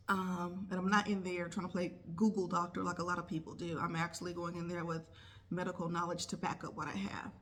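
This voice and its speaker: A woman's voice: on the low side, flat delivery, brisk, a bit bright. A woman who is a nurse, telling a casual vlog story and acting out her own thoughts in quotes. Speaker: nurse vlogger.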